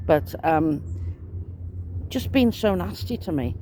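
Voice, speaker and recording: A woman's voice: lowish voice, lively intonation, slow, dark tone, a little hiss or hum. A woman, rambling in a casual monologue to camera, chatty and aggrieved, swearing mildly as she complains. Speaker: vlogger.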